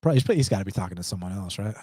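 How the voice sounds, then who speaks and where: A man's voice: deep voice, animated, racing, dark tone, husky, no room sound, clean studio sound. A man with an Atlanta accent hosting a live stream, reading chat questions and answering them in a blunt, casual, slangy way. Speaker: host.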